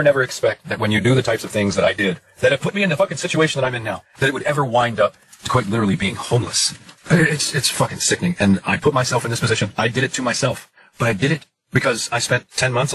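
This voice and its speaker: A man's voice: medium pitch, a bit bright, a little hiss or hum, low-quality recording. A man in his late forties venting in a frustrated personal monologue, emphatic and profane, piling up lists of words. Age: 40s. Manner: emphatic, profane, repetitive listing.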